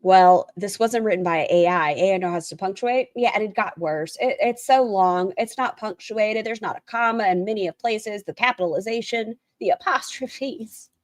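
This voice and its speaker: A woman's voice: medium pitch, moderate pace, few pauses, no echo, studio quality. A woman hosting a livestream, reading out a written statement and viewers' chat messages and commenting on them bluntly, swearing casually. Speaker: livestream host.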